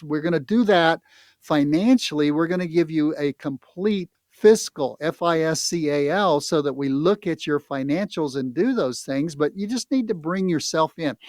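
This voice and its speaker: A man's voice: a little high, no echo, clean studio sound. A man who is a financial advisor, hosting a talk radio show with plain-spoken, persuasive storytelling. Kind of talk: folksy talk radio conversation.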